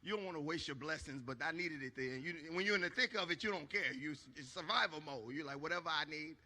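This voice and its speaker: A man telling a stand-up story on a church stage, animated, acting out shouts and asking the crowd if they follow. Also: on the high side, quick pace, long reverb tail. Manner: animated, acts out shouts, asks the crowd for agreement. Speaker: stand-up comedian.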